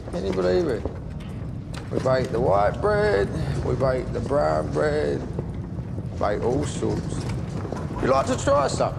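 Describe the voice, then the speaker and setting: A gravelly, volatile gangster. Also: male voice, on the high side, background noise, full character voice. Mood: taunting. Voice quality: gravelly, mocking, erratic swings from loud to hushed. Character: volatile menacing gangster baker and distiller. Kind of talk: television crime drama.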